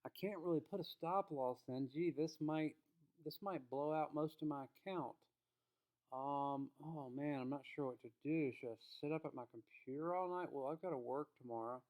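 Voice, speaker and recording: A man's voice: on the high side, normal speed, dull audio, lightly acted. A man playing a fretful losing day trader. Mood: worried. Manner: fretting, exclaiming, talking to himself.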